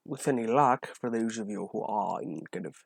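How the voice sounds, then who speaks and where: A man's voice: fairly low pitch, normal speed, gravelly, slight background noise. Casual man narrating a game. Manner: relaxed, rambling, self-correcting. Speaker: let's play host. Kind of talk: casual game commentary and dialogue reading. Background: game music.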